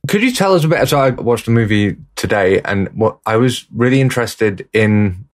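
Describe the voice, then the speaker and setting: A man's voice: on the low side, animated, moderate pace. A man co-hosting a panel podcast, dry joking and thoughtful questions. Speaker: podcast co-host. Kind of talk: casual panel chat.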